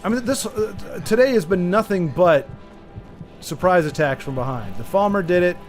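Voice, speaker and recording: A man streaming a video game, giving live commentary in an excitable way and taunting the enemies aloud. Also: high voice, normal speed, faint music behind.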